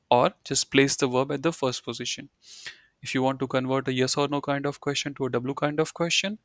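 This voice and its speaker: A man's voice: mid-range voice, a bit bright, no echo. Man, German teacher, patient step-by-step explaining, dry close sound. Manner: explains step by step, repeats key points, says "you know" and "right". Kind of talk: live online language lesson.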